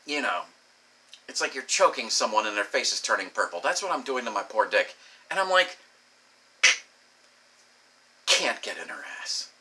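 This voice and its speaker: A middle-aged man telling a crude personal story, animated and swearing freely. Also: mid-range voice. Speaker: comedic storyteller.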